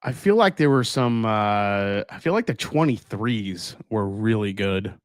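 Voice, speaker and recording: A man's voice: on the low side, measured pace, no room sound, studio quality. Chatty man hosting a live tasting. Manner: relaxed, chatty, many fillers and restarts. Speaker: livestream host tasting whiskey. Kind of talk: casual live chat reading viewer comments.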